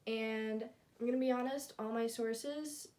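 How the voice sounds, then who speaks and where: A woman giving an informal class presentation, halting with many ums and likes and correcting herself mid-word. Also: on the high side, fairly even intonation, darkish tone. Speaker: student presenter.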